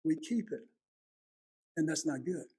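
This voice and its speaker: A man's voice: fairly high pitch, measured pace, mellow, husky. A man in his fifties hosting a heartfelt family conversation, earnest, often repeating words as he starts a thought. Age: 50s. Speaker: host.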